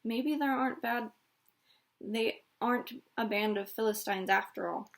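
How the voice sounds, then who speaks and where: A bright, bookish young girl from a storybook, as a woman reading aloud puts her on. The voice is gentle and thoughtful, sitting a touch high, close to the reader's own. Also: a little slow, gravelly.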